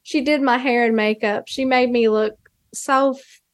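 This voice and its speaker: A young woman chats casually on a podcast, gushing with feeling and often breaking off mid-phrase before starting again. Her voice sits somewhat high and is recorded dry and close. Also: steady tone, normal speed, dry recording. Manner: gushing, emotional, talks in fits and starts. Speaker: filmmaker guest.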